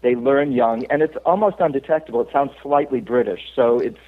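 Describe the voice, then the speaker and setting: A man's voice: mid-range voice, brisk. A middle-aged man from Cape Cod, an actor being interviewed, telling stories in a chatty way with frequent laughs. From Cape Cod, Massachusetts. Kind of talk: casual interview chat. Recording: tinny phone-like line.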